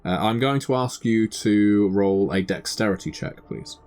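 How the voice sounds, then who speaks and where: Deep, slow-spoken man as game master. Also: a little mellow, soft background music. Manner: measured, descriptive narration with some fillers. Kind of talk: narrating a tabletop game.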